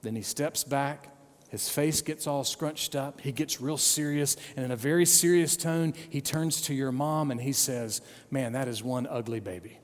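A man with a fairly high voice tells a story to his congregation, playful and animated. He keeps checking in with his listeners as he goes. His voice trails off into a long, echoing reverb. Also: measured pace, a little hiss or hum. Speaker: preacher telling a Bible story. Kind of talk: children's sermon storytelling.

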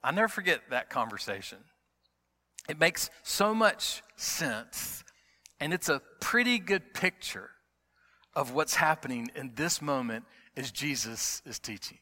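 A middle-aged man preaching in a church sanctuary, his bright, forceful voice carried by a long hall reverb. He moves from quiet, intimate stretches to emphatic build-ups. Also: fairly high pitch, expressive, measured pace. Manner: dynamic preaching, swings from hushed to emphatic. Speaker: pastor. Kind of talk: sermon.

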